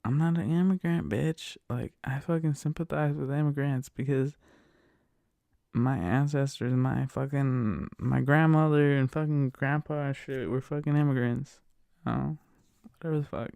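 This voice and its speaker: Gravelly, foul-mouthed man ranting. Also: medium pitch, moderate pace, dry recording. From United States. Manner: swears constantly, repeats himself, animated venting. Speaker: podcast host. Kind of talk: casual profane monologue rant.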